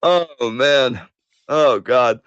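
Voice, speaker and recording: A man's voice: mid-range voice, drawn-out words, muffled recording, a crowd in the background. A man hosting a casual podcast chat, joking, laughing and swearing casually. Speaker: host.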